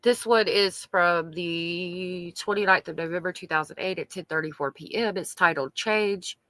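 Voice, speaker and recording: Here a woman with a strong Southern accent reads diary entries during a true crime live stream, pausing to chat with viewers. Her voice is on the low side with a fairly bright tone at normal speed, in a dry recording. Her manner is chatty, reading aloud and reacting to chat.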